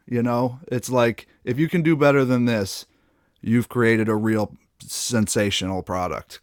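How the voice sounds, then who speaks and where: A man hosts a casual beer tasting review in a middle-pitched voice. He talks in a playful, chatty way, pausing between tasting notes. The sound is dry and close, with no room echo. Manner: playful, chatty, trailing pauses while tasting.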